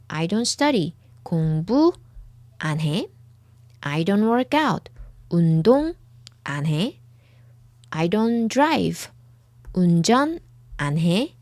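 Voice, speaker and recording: A woman's voice: mid-range voice, a little mellow, no echo. A woman giving a language lesson, patiently saying each word several times over, recorded close up. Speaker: Korean language teacher. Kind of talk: slow lesson, repeating words for the viewer.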